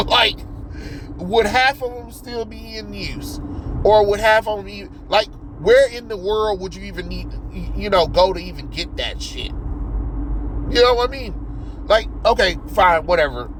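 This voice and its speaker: Commentator: fired-up man with a high voice, loud, profane, exasperated rant. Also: measured pace, a little hiss or hum, rough recording. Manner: loud, exasperated, swears constantly, shoots up to yelps. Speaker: video commentator.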